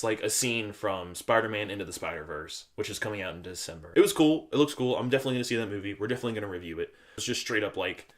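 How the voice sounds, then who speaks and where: A man's voice: fairly low pitch, fairly bright tone. Rambling young man reviewing a movie. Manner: rambling, filler-heavy retelling with acted quotes. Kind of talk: casual spoiler review monologue.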